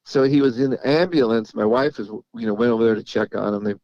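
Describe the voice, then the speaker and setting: A middle-aged man with a gravelly, fry-tinged voice speaks in a casual interview. He halts and repeats words as he tells his stories, laughing now and then. The sound is dry and dull. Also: medium pitch, fast, a little mellow, dry recording. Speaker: racehorse trainer. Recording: dull lo-fi audio.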